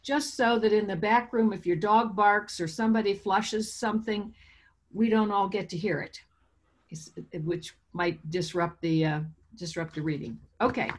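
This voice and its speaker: A woman's voice: medium pitch, steady tone, normal speed. A woman who owns a bookstore, hosting and introducing poets at a reading held over video call, in a chatty, informal manner. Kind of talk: introducing a virtual poetry reading.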